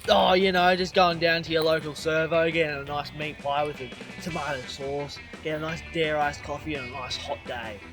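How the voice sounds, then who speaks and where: A man with an Australian accent playing a relaxed everyday working bloke, answering offhandedly in a skit. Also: fairly high pitch, moderate pace, hardly any pauses, over music, natural voice. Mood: easygoing.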